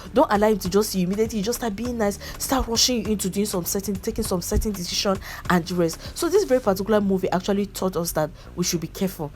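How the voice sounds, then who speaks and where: A woman's voice: mid-range voice, darkish tone, a little hiss or hum. A woman, earnestly giving life advice in a casual vlog about a movie, repeating her points for emphasis. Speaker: movie reviewer vlogger.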